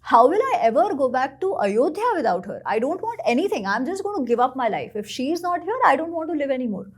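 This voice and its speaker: A grief-stricken young prince, wild with loss, begging the world to tell him where his wife has gone, as a woman acts him out. He pleads in a raised, climbing voice that races ahead and swoops high. The telling is lively and full of swings. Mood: despairing. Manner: pleading, frantic, rushed.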